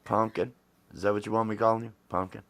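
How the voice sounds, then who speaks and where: Deep-voiced man rambling affectionately. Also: level tone, quick pace, fairly bright tone. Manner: rambling and affectionate, lots of fillers and restarts. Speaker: host. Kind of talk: casual chat.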